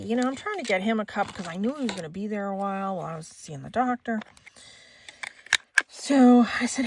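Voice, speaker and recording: A woman's voice: on the high side, expressive, a little fast, background noise. A woman in her forties telling a personal story in a casual chat, laughing and acting out the lines she quotes. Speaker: crafting vlogger.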